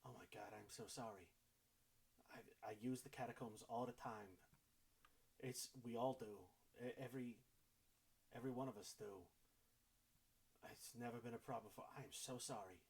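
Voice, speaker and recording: Man doing a husky, flustered, apologetic townsman who stammers. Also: mid-range voice, steady tone, normal speed, pauses often. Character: nervous apologetic man, a tavern regular.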